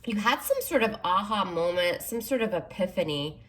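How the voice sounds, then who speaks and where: A woman's voice: mid-range voice, expressive, normal speed, fairly bright tone. A woman giving a chatty, reassuring tarot reading, often checking in with the listener with "okay?" and "you know". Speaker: tarot reader. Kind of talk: casual spoken tarot reading. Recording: faint background noise.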